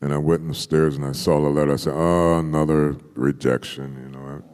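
Brief: older male poet, very low and mellow, animated storyteller, long hall reverb. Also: a little fast, clean tone. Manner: animated storyteller, acts out quotes with laughter. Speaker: poet, interview guest. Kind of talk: storytelling in an interview.

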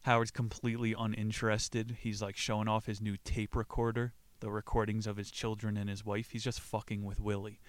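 A man's voice: on the low side, flat delivery, fairly quick, few pauses, no echo. A man hosting a podcast, retelling a play in a casual, profane way and laughing as he acts out the characters' lines. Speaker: podcast host.

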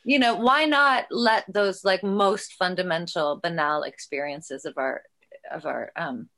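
A woman with a lowish voice talking casually. She thinks aloud, stops and restarts her phrases as she works through an idea. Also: sharp tone. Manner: musing, thoughtful, halting restarts. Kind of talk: casual conversation.

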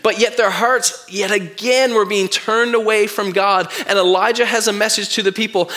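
A man's voice: high-pitched, steady tone, normal speed, hardly any pauses, sharp tone. A male pastor preaching a sermon, telling a story expressively and reading scripture aloud.

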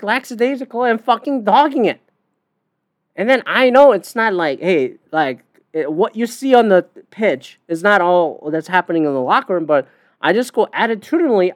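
A podcast host rants her opinions bluntly and profanely, loading her casual talk with fillers. Her mid-range voice is animated and moves at normal speed, recorded clean in a studio with no room sound.

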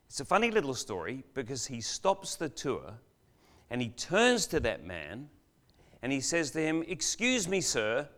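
An older man delivers a sermon in a church, spinning a story with dramatic pauses. His voice swells loud on questions and falls to a near whisper on key lines. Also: medium pitch, wildly swooping pitch. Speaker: guest preacher.

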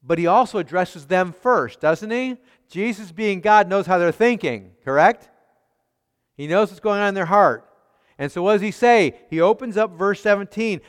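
A man's voice: fairly high pitch, animated, normal speed, smooth, big-room sound. A man preaching a sermon as pastor, emphatic, with rhetorical questions and repeated phrases.

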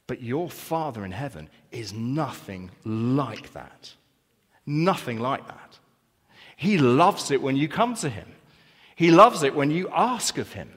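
A man's voice: mid-range voice, big pitch swings, measured pace, a bit bright, husky. A man preaching a sermon as pastor, earnest, with rhetorical questions and repetition. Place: church hall. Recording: long church reverb.

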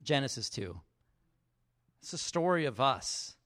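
A man with a mid-range, slightly bright voice speaks a little slowly in a sing-song way. As a pastor giving a relaxed sermon, he narrates stories, imitates the people in them, and often says "like" and "you know."

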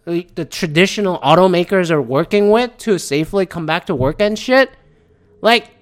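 An exasperated woman rants and rambles, swearing freely as she talks. Her voice sits on the lower side. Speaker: commentator; works in the auto industry. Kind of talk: profane rant.

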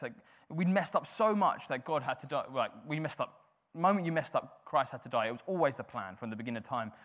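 Male preacher, slightly higher voice, chatty and informal, mid-sermon. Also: fairly bright tone. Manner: conversational, informal preaching with frequent fillers.

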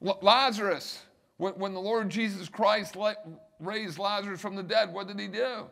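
A middle-aged man preaching a sermon in a high, gravelly voice. He swells and repeats key phrases for emphasis, the way a pastor drives a point home from the pulpit. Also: normal speed, fairly bright tone.

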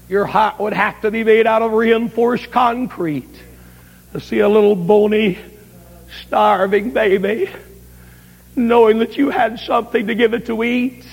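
A man's voice: very high-pitched, gravelly, a bit bright. A man preaching at a camp meeting, telling a story in a dramatic, pleading way. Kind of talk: impassioned sermon storytelling. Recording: reverberant 1970s camp meeting recording.

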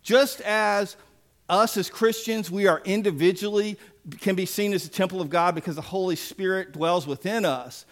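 A man's voice: high-pitched, normal speed. A man preaching a sermon as pastor, folksy and emphatic with playful asides.

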